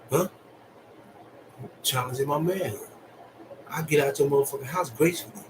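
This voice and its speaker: A man's voice: normal speed, pauses often, background noise. Blunt, profane man giving advice. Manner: profane, blunt street talk with lots of laughing; swings from low and calm to high and loud. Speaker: vlogger. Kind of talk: casual advice monologue.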